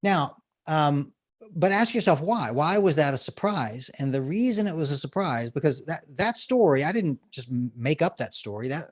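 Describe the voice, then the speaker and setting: As a podcast guest, a male business storytelling coach walks through his methods and shares a sample story, lively and quick to laugh. His voice lies on the high side.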